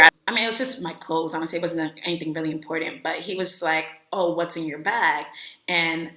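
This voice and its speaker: A young woman with a slightly low voice tells a storytime in a chatty, animated way, with "like" filling her sentences. Her voice bounces off the walls of an echoey room. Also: normal speed. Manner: animated, chatty, many "like" fillers, acts out quotes. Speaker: vlogger telling a travel story. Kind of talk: casual storytime.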